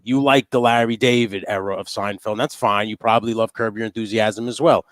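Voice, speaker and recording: A man co-hosting a podcast in casual chat, animated, often laughing and acting out quoted lines. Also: fairly low pitch, brisk, no echo, clean studio sound. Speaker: podcast co-host.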